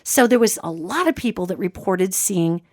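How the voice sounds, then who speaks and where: A woman's voice: mid-range voice, normal speed, no echo, clean studio sound. A woman hosting a podcast, telling a story casually and explaining things matter-of-factly. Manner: animated, explanatory, talks of spirits and energy matter-of-factly. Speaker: podcast host.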